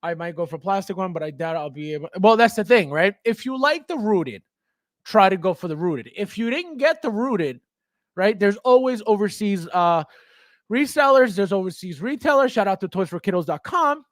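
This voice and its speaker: A man hosting a casual livestream, reading viewer comments and talking straight to his chat, excitable and quick to laugh. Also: high-pitched, no room sound, studio quality. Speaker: livestream host and toy collector.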